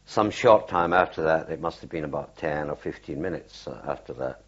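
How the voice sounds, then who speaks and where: An older man with a very low, husky voice recalls his wartime days in an oral history interview. He tells it haltingly, circling back with fillers and restarts. The recording is dull and lo-fi, like an old archive tape. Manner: halting, unhurried storytelling with many fillers and restarts. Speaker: war veteran interviewee.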